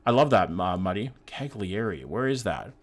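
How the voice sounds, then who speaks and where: A man's voice: on the low side, normal speed. Swearing joking male streamer. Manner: loose and joking, reads chat messages aloud, swears freely; bursts of excited hype between calmer musing. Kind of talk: casual live-stream chat while playing a map-guessing game.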